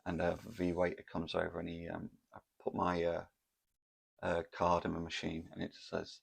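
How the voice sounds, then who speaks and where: Deep, gravelly man telling a story. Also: level tone, normal speed. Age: 30s. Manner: rambling, self-mocking, full of fillers and asides. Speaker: vlogger. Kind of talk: casual storytelling to camera.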